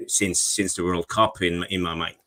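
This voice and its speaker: Male co-host, low voice, measured fan opinions. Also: fairly even intonation, pushed and bright. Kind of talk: casual football fan chat.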